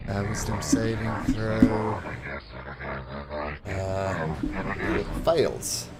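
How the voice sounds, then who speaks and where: A man running a tabletop game as game master, narrating animatedly with chuckles and quick self-corrections. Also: fairly low pitch, over loud music.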